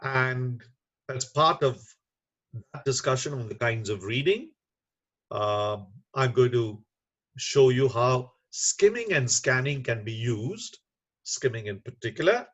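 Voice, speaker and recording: Male webinar lecturer, slow and measured, muffled computer mic. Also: mid-range voice, lively intonation, a bit bright. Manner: measured, unhurried, with frequent uh fillers. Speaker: webinar lecturer on teaching reading. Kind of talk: online lecture.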